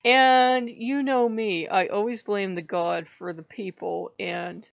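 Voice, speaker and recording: A woman's voice: medium pitch, slow, vocal fry, no room sound, muffled recording. A woman vlogger telling a casual ranting story, swearing freely and often laughing. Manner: profane, laughing, animated.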